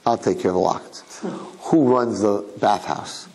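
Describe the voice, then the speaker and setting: A rabbi voicing a wealthy old man in a story, speaking calmly and kindly. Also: fairly low pitch, measured pace, rough recording.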